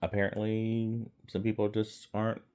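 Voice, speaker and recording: A man's voice: on the low side, completely flat delivery, moderate pace, a little mellow, clean tone. A man casually reviewing a romantic comedy in a rambling, laid-back way, with frequent fillers and small laughs. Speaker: movie reviewer. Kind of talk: casual film review vlog.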